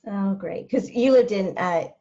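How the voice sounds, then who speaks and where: An enthusiastic woman hosts a casual interview over a video call, quick to laugh along with her guest. Her voice sits at a middle pitch and comes through dull and lo-fi over the call line. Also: warm tone. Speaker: podcast host.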